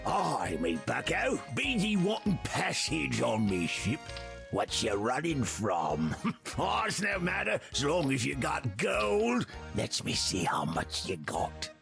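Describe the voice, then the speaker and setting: An actor playing a greedy, drunken pirate ship captain in a game, with a rowdy piratey drawl. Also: male voice, mid-range voice, wildly swooping pitch, takes it slowly, creaky, music in the background, heavily acted. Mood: gruff.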